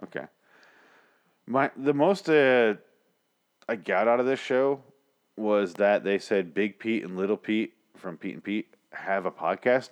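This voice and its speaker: A man's voice: low voice, smooth. A man co-hosting a podcast, bantering casually with crude, sarcastic jokes and frequent laughter. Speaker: podcast co-host.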